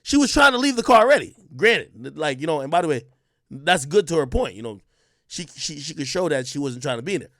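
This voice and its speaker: A man's voice: fairly high pitch, sing-song, brisk, fairly bright tone, dry recording, clean studio sound. A man giving blunt, profane reaction commentary to an interview clip, talking straight to his viewers.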